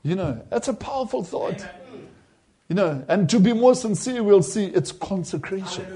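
A man's voice: high-pitched, expressive, normal speed, warm tone. A man preaching a sermon, retelling a vision and acting out the voices in it with rising emphasis.

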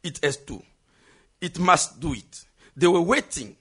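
High-pitched South African preacher, shouting. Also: male voice, lively intonation, a little slow, husky. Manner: call-and-response preaching, building to shouts. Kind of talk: sermon.

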